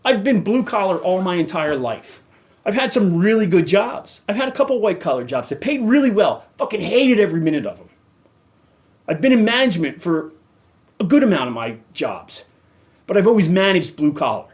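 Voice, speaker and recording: A man's voice: high voice, big pitch swings, a little fast. A middle-aged man hosting a podcast, ranting angrily and cursing heavily. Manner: profane, heated, emphatic. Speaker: podcast host. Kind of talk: angry rant.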